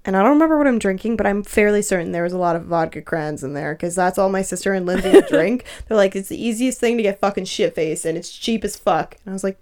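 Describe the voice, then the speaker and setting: A woman's voice: medium pitch, fast, few pauses. A young woman in her twenties telling a story in casual podcast chat, swearing a lot and laughing often. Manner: profane, laughing, animated storyteller.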